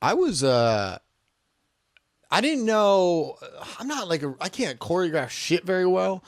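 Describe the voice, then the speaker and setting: Young male comic co-host, quick and animated, dry room. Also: sits high, no echo. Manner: animated, jumps into quick impressions. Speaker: podcast co-host. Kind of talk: casual comedic chat.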